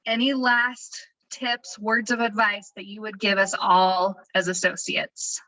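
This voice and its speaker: A woman hosts a team video call in an upbeat, effusive way. Her voice is bright and crisp. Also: medium pitch, level tone, measured pace, low-quality recording. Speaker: host.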